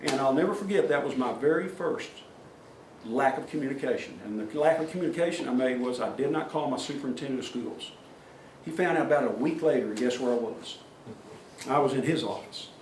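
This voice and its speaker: At a workplace safety meeting, a middle-aged man speaks briskly at medium pitch, entertaining the crowd with homespun, straightforward stories and voicing the characters he quotes. The meeting room sounds echoey, captured from far off with a little background noise.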